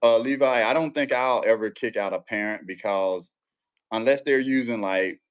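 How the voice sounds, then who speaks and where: A man, an umpire guest in a casual interview, telling lively stories and often checking in with the listener. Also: mid-range voice, moderate pace, clear, resonant tone. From Central Texas.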